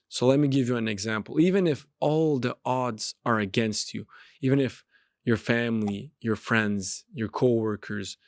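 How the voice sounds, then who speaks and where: A man's voice: medium pitch, no echo, clean studio sound. A man hosting a podcast, giving an emphatic motivational monologue and repeating his phrases for effect. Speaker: podcast host and street pastor.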